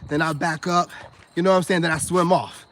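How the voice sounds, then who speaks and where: A man's voice: on the high side, fairly even intonation, brisk, fairly bright tone. An American man giving rambling casual commentary to his viewers, laughing often and talking loosely in slang. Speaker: spiritual self-help vlogger.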